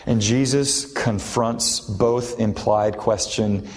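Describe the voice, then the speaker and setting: A man's voice: on the low side, steady tone, slow, a little mellow. A man preaching a sermon as a pastor, earnest and building to impassioned emphasis. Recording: long hall reverb.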